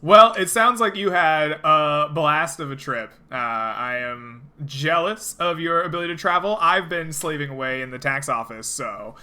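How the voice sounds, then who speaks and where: A man's voice: fairly high pitch, moderate pace, hardly any pauses, bright, forceful tone, clear, resonant tone. A man from Texas hosting a casual chat before a tabletop game, laughing often and steering the talk to the others. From El Paso, Texas. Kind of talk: casual chat over voice call.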